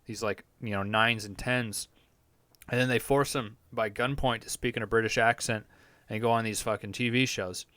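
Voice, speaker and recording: A man's voice: lowish voice, fairly even intonation, moderate pace, sharp tone, no room sound. A man hosting a podcast, rambling crudely and laughing at his own jokes in a casual comedic rant. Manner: rambling, profane, self-amused. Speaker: podcast host.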